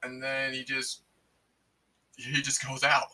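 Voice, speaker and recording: Bright-voiced excitable man, mic a bit distant. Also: medium pitch, slow pace. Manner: excitable, many fillers and restarts. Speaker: movie reviewer. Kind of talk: casual rambling movie recap.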